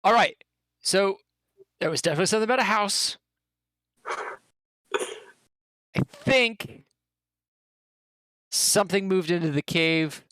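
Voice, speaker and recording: A game master narrating a tabletop game in a joking, animated way. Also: medium pitch, takes it slowly, long pauses, clear, resonant tone, no room sound, rough recording.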